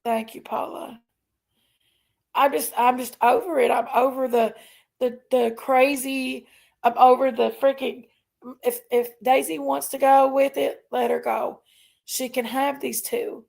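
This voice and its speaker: A woman's voice: high-pitched, flat delivery, unhurried, vocal fry, a little mellow. A woman chatting casually on a livestream, reading out viewer names and thanking members. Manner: reads out viewer names, thanks members, vents about her sister. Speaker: livestream host.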